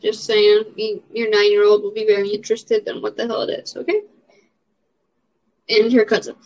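A woman's voice: mid-range voice, flat delivery, moderate pace, darkish tone. A young adult woman in a casual vlog, answering question prompts in a rambling, frank way with lots of fillers. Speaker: vlogger. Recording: dull lo-fi audio.

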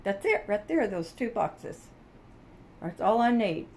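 A woman's voice: medium pitch, big pitch swings, measured pace, darkish tone, a little hiss or hum. An older woman, chatting casually to camera in her home kitchen, folksy and full of exclamations, and tired. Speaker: vlogger.

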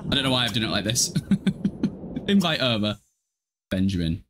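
Lower-pitched and very animated, a man talks at a moderate pace against background noise. He's a Hull livestreamer from East Yorkshire, England, chatting casually with viewers over a game, laughing often and swearing freely.

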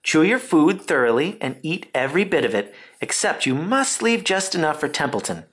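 A man voicing a calm, wise female spider in a storybook, steady and reassuring. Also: fairly high pitch, moderate pace, slightly rough, voice pushed up, heavily acted. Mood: soothing.

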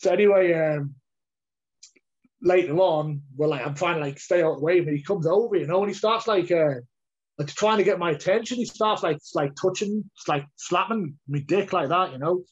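A man's voice: sits high, moderate pace, slightly rough. A man, a heavyweight fighter telling a long story in a casual interview, rambling and repeating words. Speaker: heavyweight MMA fighter, guest. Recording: dull lo-fi audio.

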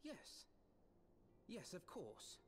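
An earnest young scholar. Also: male voice, sits high, wildly swooping pitch, a little hiss or hum, heavily acted. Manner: formal, measured speech. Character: earnest young male scholar and leader, formal.

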